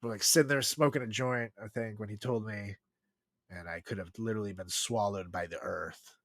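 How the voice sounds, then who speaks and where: A man's voice: lowish voice, fairly even intonation, brisk, fairly bright tone, no room sound, clean studio sound. A man co-hosting a podcast, chatting casually and crudely, laughing often and rambling with fillers. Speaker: podcast co-host. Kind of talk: casual comedic chat.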